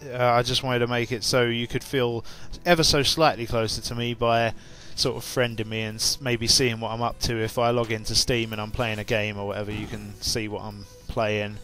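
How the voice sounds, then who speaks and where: Talking to camera at a moderate pace with hardly any pauses, a young English YouTuber rambles casually, restarting often and leaning on fillers. His mid-range voice is level and a bit bright, over soft background music. He's tired from just waking up and has hiccups.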